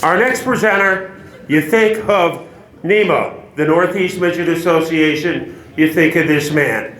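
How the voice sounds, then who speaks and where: A man's voice: fairly high pitch, measured pace, a bit bright. A man hosting an awards ceremony, joking as he introduces the next speaker. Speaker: master of ceremonies. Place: banquet hall. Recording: echoey hall.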